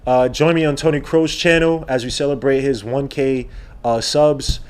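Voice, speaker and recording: A man hosting a live sports podcast, talking in an animated, rambling way with exclamations and repeated words. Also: medium pitch, moderate pace, smooth. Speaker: podcast host. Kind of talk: live-stream sports talk.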